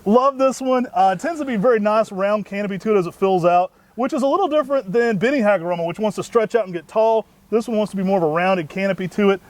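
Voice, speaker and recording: A man co-hosting a plant show, pitching trees with folksy enthusiasm. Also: fast talker, few pauses, no room sound. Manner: energetic, folksy, says y'all. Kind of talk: enthusiastic product talk.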